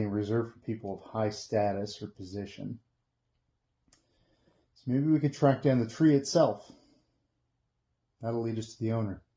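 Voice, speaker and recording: A man's voice: medium pitch, mellow, dull audio, close to an everyday voice. A man playing an eager, rambling male wizard professor who teaches curse breaking, stumbling over his words in a fan-made web drama.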